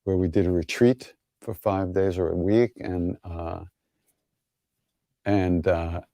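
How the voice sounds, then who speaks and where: Relaxed low-voiced man, dry wry storytelling. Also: dry recording. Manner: easygoing, wry, chuckling, halting with many fillers. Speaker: spiritual teacher answering viewer questions. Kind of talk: casual online Q&A storytelling.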